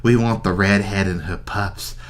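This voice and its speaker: A man's voice: fairly low pitch, fairly even intonation, unhurried, close to an everyday voice. A man putting on a Kentucky-drawling bandit boss. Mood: gloating menace. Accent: put-on Kentucky. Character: brutish male bandit leader, menacing.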